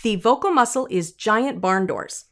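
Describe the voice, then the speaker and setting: Animated woman vocal coach. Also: a little slow. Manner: animated, demonstrates sounds and sung notes; acts out imagined voices with leaps in pitch. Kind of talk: online singing lesson.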